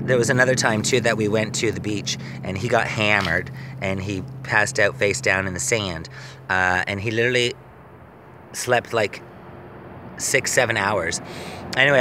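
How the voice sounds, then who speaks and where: A man telling personal stories in a rambling, profane, animated way, with many restarts, keeping a video journal. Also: medium pitch. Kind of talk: casual storytelling monologue. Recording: noisy outdoor street recording.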